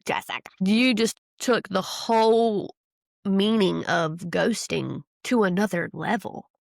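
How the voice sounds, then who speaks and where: A woman hosting her own podcast, chatting casually and reading out a listener's story, giggling easily and talking in an animated, lively way. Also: mid-range voice, slow pace, gravelly, no room sound. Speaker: podcast host. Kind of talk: casual solo podcast chat.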